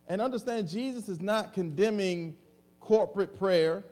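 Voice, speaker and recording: A male pastor delivering a lively, humorous sermon to a congregation, acting out comic voices. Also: high voice, moderate pace. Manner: animated preaching with comic voices and laughter.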